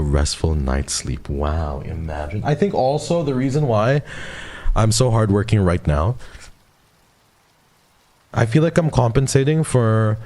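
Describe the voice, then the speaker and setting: A man's voice: low voice, creaky, mellow, no echo. A man in his twenties, a streamer casually chatting with his viewers and playfully teasing them with mock outrage. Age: 20s.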